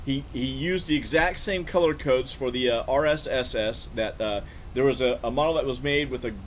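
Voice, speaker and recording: Male streamer, mid-pitched, rambling anecdote with lots of fillers, faint noise. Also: normal speed, low-quality recording. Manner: rambling, full of fillers and restarts. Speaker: game streamer. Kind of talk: casual storytelling while gaming.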